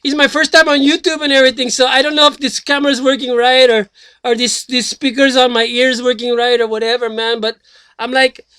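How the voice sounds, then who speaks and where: A man's voice: extremely high pitch, flat delivery, brisk, pushed and bright, clear, resonant tone, no room sound. A man playing a rambling slacker who announces a presidential run, talking in a loose comedic monologue full of fillers and swearing. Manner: rambling, filler-heavy, swears, loses his thread. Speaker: self-styled presidential candidate.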